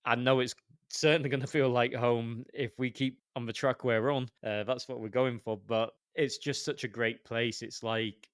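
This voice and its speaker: A man's voice: medium pitch, steady tone, normal speed, no echo, clean studio sound. A man co-hosting a podcast, chatting enthusiastically as he tells a travel story, with many "you know" fillers. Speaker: podcast co-host. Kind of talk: casual chat.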